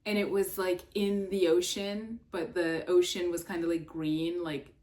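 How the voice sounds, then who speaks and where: A young adult woman vlogging in a casual, rambling way, full of fillers and swearing, jumping up in pitch when exasperated. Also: level tone, unhurried, a little mellow. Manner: filler-heavy, swears, trails off and restarts.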